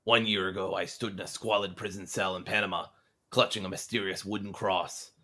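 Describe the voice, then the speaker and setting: A man in a put-on pirate accent voicing a solemn old-time pirate captain as he reads journal entries aloud in a low, formal way. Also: flat delivery, sharp tone. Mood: grave. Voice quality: low, measured and grandly formal.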